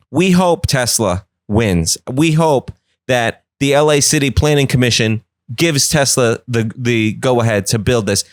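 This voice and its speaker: A man's voice: medium pitch, dry recording, clean studio sound. A man hosting a podcast, riffing in a rambling, jokey way. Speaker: podcast host. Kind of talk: casual comedic riffing.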